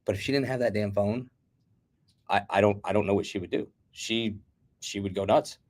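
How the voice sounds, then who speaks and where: A middle-aged American man telling blunt, animated stories as a guest in a casual chat. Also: fairly low pitch, moderate pace. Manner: animated storyteller, blunt and combative.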